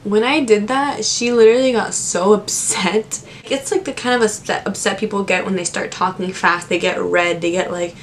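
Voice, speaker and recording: A young woman casually telling stories from her old service jobs to the camera, chatty and animated, with lots of fillers. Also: medium pitch, moderate pace, a little hiss or hum. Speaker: vlogger.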